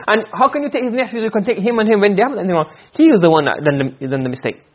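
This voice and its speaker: A man teaching Arabic grammar to a class, asking questions and answering them himself, and reciting verses slowly. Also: sits high, animated, muffled recording. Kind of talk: classroom lecture.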